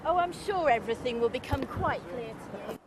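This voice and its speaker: A woman playing a calm, sinister female captor with silky, unhurried menace, recorded outdoors on a city street. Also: on the high side, close to an everyday voice. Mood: menacing. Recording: outdoor take with loud traffic noise.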